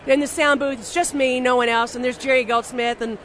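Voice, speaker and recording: A high-pitched woman telling stories as an interview guest, blunt and animated, swearing now and then and restarting her sentences. A faint hum sits under her voice. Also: fairly quick. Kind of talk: casual anecdotal storytelling.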